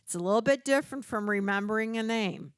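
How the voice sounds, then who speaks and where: A woman's voice: on the high side, quick pace, clear, resonant tone, no echo, studio quality. An older woman presenting a caregiving workshop, teaching through stories and acting out the people she quotes. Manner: storytelling, acts out quoted voices.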